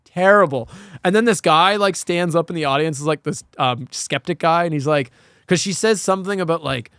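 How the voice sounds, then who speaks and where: A man's voice: on the high side, a little fast, a bit bright, clean tone, no room sound, studio quality. A man hosting a casual podcast, rambling and swearing with lots of fillers. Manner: rambling, profane, many fillers. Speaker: podcast host.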